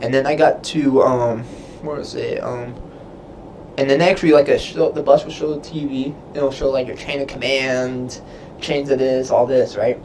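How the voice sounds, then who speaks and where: A man's voice: medium pitch, fairly even intonation, moderate pace, darkish tone, slight background noise, low-quality recording. A young man, a Navy sailor, casually answering viewer questions on a livestream, rambling with lots of fillers. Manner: rambling, filler-heavy, loses his train of thought.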